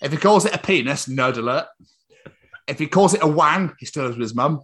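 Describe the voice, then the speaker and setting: A British man hosting a podcast, bantering casually, swearing freely and acting out little everyday scenes in quick put-on voices. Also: on the high side, lively intonation, a bit bright. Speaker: podcast host.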